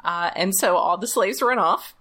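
A woman's voice: mid-range voice, normal speed, a bit bright. A woman casually recapping a story for fellow hosts, chatty and laughing often, with many fillers. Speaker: podcast host.

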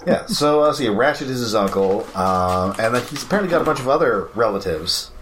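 Man, mid pitch, hesitant, lots of fillers, faint noise behind. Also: lively intonation, fairly quick, a bit bright. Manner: hesitant, many "uh"s. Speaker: podcast co-host. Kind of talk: casual chat about cartoons.

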